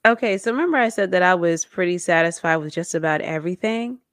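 A woman co-hosting a casual chat about a documentary, telling it with lively acted-out quotes. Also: fairly low pitch, quick pace, no echo, clean studio sound. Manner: animated storytelling with acted-out quotes. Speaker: podcast co-host.

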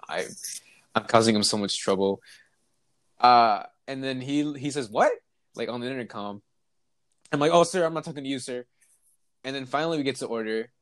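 A young man's medium-pitched voice carries a funny anecdote in a casual conversation. He's animated, impersonating the people involved and laughing while he tells it. There's no echo.

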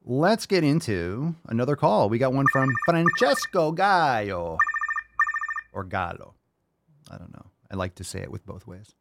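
A man's voice: mid-range voice, sing-song, measured pace, vocal fry, heavy background noise. A man hosting a fitness call-in show, giving loose, joking and direct advice in a casual talking style.

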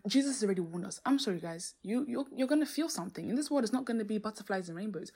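Young female podcast host, breathy voice, earnest and lively, faith talk. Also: medium pitch, rapid-fire. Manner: earnest, animated, exclaims and laughs. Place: home, street noise outside.

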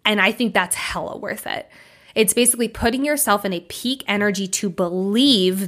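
A woman's voice: medium pitch, moderate pace, a bit bright. A young adult woman life coach hosting a podcast, talking candidly and emphatically in a casual monologue, with the odd curse word.

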